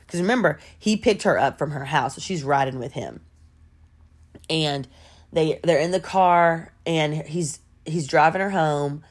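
Low-voiced chatty woman storyteller. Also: unhurried. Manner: animated, chatty, full of "like" and playful asides. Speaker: podcast host. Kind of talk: casual storytelling. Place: at home.

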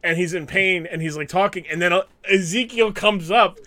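A man's voice: high voice, normal speed. A man co-hosting a casual podcast chat, telling stories with lots of energy and acting out the people he quotes. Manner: animated storyteller acting out quotes. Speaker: podcast co-host.

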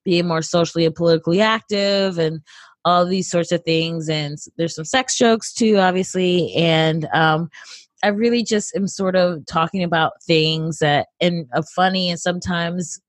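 A woman's voice: fairly low pitch, normal speed, no room sound. Upbeat woman comedian in her thirties. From United States. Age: 30s. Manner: animated, upbeat, lots of fillers. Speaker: comedian guest. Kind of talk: casual interview chat.

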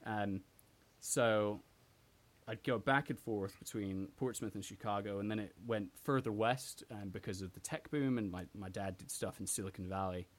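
A man's voice: on the low side, normal speed. Young man, mixed british-american accent, chatty, rambling explanations, casual podcast guest. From Britain, raised partly in the US. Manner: chatty, explains at length with many fillers. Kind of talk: casual chat.

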